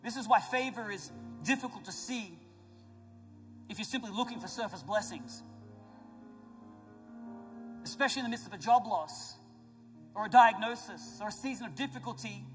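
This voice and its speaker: A man preaching a sermon as pastor, emphatic and building to loud declarations, with joking asides to the congregation. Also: sits high. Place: church auditorium. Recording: large church hall with reverb and faint music.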